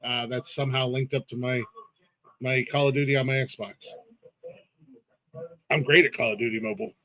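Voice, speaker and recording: A man's voice: mid-range voice, fairly even intonation, moderate pace, dull audio. A man hosting a casual live-stream interview, laid-back and laughing often, with lots of restarts and fillers. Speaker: podcast host.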